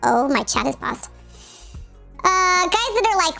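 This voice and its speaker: A woman streaming live and chatting casually with her viewers while gaming, talking in a loose, animated way with many "like" fillers. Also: extremely high pitch, unhurried, vocal fry, pauses often, faint music behind.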